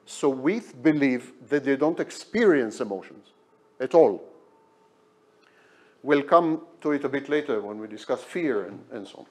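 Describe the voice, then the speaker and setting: A man's voice: medium pitch, lively intonation, normal speed, a little mellow, husky. A man lecturing at a hospital, emphatic and repeating key words for effect. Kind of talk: academic lecture.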